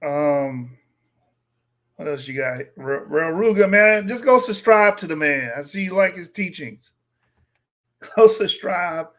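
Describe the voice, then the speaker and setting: Relaxed host joking through viewer comments. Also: male voice, fairly high pitch, unhurried. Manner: relaxed, joking, reads out chat. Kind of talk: casual podcast, reading viewer comments.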